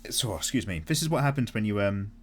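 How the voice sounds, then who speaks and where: A man hosting a casual art vlog, chatting and answering viewer comments in an animated way, swearing freely as he goes. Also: on the low side, fast talker, slightly rough. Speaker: art channel host.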